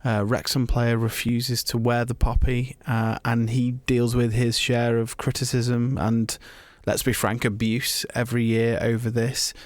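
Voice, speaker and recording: A man co-hosting a football podcast, asking a guest questions in a measured, thoughtful way. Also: medium pitch, level tone, dry recording. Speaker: podcast co-host. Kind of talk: interview questions.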